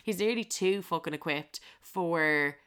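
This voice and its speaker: A young woman with an Irish accent telling a story in a brash, profane, animated way on a podcast. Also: on the low side, a little slow, clean tone. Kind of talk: casual anecdote storytelling.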